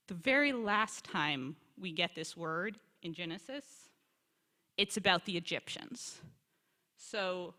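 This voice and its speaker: A woman teaching a congregation as a visiting scholar, telling the stories with energy, quoting Hebrew and asking the room questions. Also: mid-range voice. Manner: animated storyteller, quotes Hebrew and asks the room questions. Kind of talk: lively teaching talk to a congregation. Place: synagogue sanctuary. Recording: long hall reverb.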